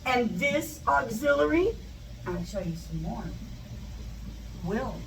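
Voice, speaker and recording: Woman, english teacher, high voice, slow, chatty, echoey room, distant mic. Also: animated, gravelly. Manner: chatty, goes off on tangents, repeats example questions. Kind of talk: live English lesson for Spanish speakers. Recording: static, echoey, mic far off.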